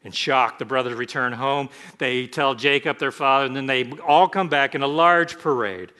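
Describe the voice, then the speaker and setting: A man preaching a sermon, animated, breaking into lively voices for the people in the scripture. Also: normal speed, clear, resonant tone. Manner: animated, acts out scripture voices with sudden jumps in pitch and volume. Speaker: pastor.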